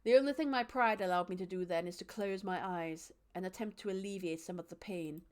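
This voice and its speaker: Brisk and low-voiced, this young streamer gives the game text a dramatic reading during her live playthrough. She keeps up lively chatter with both her chat and her cat.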